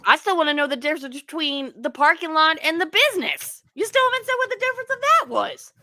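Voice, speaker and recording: A woman hosting a casual livestream roast, teasing and animated with quick asides. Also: high-pitched, dry recording. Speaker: livestream host.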